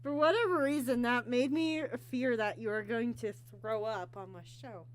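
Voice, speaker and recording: A woman hosting a casual online interview, talking haltingly with many ums and restarts. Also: fairly high pitch. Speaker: interview host.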